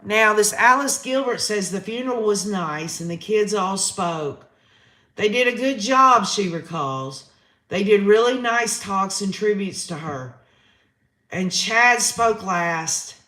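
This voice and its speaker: A man's voice: high voice, expressive, slow, sharp tone, reverberant. A man hosting a live-stream trial recap, reading chat comments aloud and reacting with emotion. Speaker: host.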